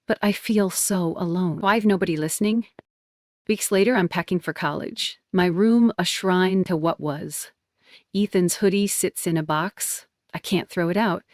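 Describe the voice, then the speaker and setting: A young woman narrating a personal story in the first person, with a soft, even manner. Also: on the low side, measured pace, no room sound, studio quality.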